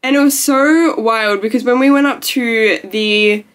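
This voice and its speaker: A woman's voice: a little high, unhurried, a little hiss or hum. Gushing young woman vlogger, tearful. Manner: gushing, emotional, lots of "like". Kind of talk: casual talking-to-camera vlog.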